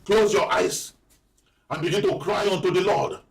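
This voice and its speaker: Male pastor, fairly high voice, fervent repetitive sermon delivery, rising to shouted prayer. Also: unhurried, vocal fry, long pauses, slight background noise. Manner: preaching with repetition, building to impassioned prayer.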